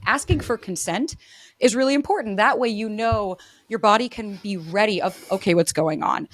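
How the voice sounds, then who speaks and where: A woman's voice: mid-range voice, normal speed. A woman relationship coach as a podcast guest, talking fluently and acting out sample dialogue, with frequent "like". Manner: fluent, uses "like" often, acts out example dialogue. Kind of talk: casual interview chat.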